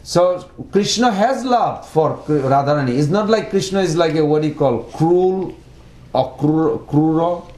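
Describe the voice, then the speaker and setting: A man giving a devotional lecture in non-native English, halting and repeating words as he explains. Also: a little high, a little mellow. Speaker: speaker giving a religious class. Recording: echoey room.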